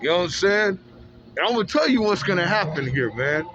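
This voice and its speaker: A man's voice: sits high, sing-song, a little fast, lo-fi sound, background noise. A man in an emphatic, repetitive, slangy street monologue, recorded outdoors. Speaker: street vlogger.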